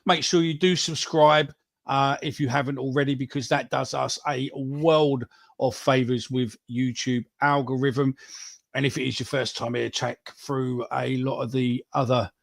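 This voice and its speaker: Brief: gravelly man, podcast host, crude banter, close dry mic. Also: medium pitch, fairly even intonation, normal speed, dry recording. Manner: crude, joking, drops "mate" and "innit". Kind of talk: casual banter reading out names.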